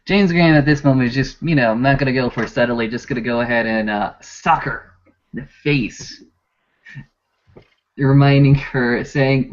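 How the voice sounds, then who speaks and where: A man narrating a tabletop game as game master, unhurried and descriptive, on a dull lo-fi recording. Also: mid-range voice.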